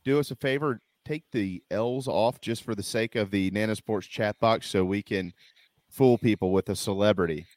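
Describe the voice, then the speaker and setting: A man's voice: fairly low pitch, moderate pace, a little mellow, no room sound. A man hosting a casual sports talk show, chatting and reading sponsor ads in an upbeat, salesy manner. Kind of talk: casual sports radio chat and ad reads.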